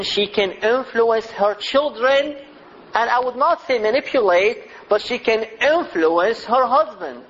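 A man preaching a sermon in a deliberate manner, building repetitive lists. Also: high voice, fairly bright tone, dull audio.

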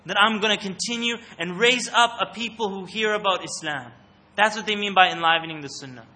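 Guy giving a religious talk to a room, keeps asking people questions, real sharp tense voice. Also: sits high, brisk. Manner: questions the audience and calls on them. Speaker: speaker giving an Islamic talk. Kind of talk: interactive religious talk to an audience. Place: room with a live audience. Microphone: microphone.

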